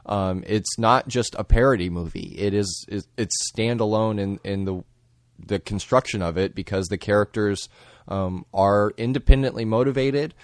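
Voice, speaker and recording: Casting: lowish male co-host, thoughtful and even-paced, recorded dry with no room sound. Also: dry recording. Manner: measured, thoughtful, frequent ums. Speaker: podcast co-host. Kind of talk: casual film discussion.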